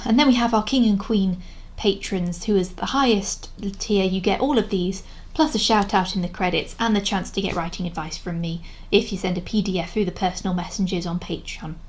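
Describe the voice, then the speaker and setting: A woman's voice: medium pitch, a little fast, hardly any pauses, slight background noise. A young woman giving a casual vlog commentary, talking frankly and rambling with many restarts, sounding exasperated. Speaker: video creator reviewing a historical drama.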